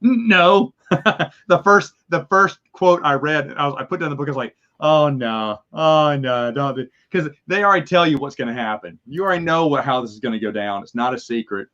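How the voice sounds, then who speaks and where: Animated man, slightly muffled recording. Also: fast talker. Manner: animated, acts out his reactions with sudden high yelps. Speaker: podcast co-host. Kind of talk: casual chat. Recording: slightly dull, lo-fi sound.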